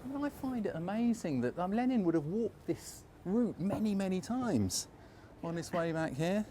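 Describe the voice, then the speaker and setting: A chatty, jokey man hosts a walking tour, his higher voice bouncing lively up and down. He is outdoors on city streets on a lapel mic, with faint street ambience behind. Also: normal speed, slight background noise. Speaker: travel video host. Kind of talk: casual walking-tour chat.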